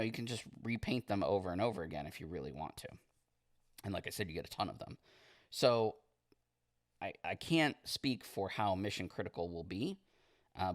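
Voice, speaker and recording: A man streaming as he paints miniatures, chatting casually in a relaxed, rambling way and reading viewer comments aloud. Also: low voice, dry recording, clean studio sound. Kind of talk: casual livestream chat while painting.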